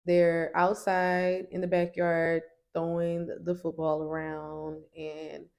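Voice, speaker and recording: Sassy woman reviewer, low-ish voice, casual recap. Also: completely flat delivery, slow, darkish tone. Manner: sassy, emphatic. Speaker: TV show reviewer.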